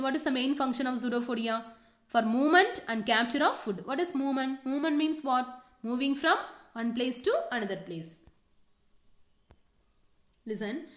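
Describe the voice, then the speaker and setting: A woman's voice: sits high, a bit bright, roomy sound. A woman teacher giving a science lesson, repeating key terms and questions and telling students to underline words and draw diagrams. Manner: frequent "okay" and directions to underline and draw. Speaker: school teacher.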